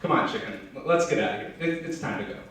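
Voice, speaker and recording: A man's voice: mid-range voice, expressive, quick pace, fairly bright tone, close to an everyday voice. A man voicing a free-spirited male eagle in a told story, firm and urging. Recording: echoey hall from far off.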